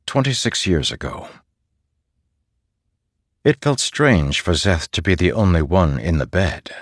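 A man narrating a fantasy story in a measured, expressive way. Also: deep voice, dry recording, studio quality. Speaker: audiobook narrator.

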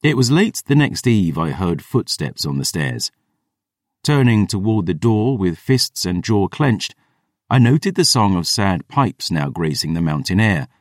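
A man narrating a dark fantasy audiobook in the first person, in a brooding, wry manner. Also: deep voice, dry recording, clean studio sound.

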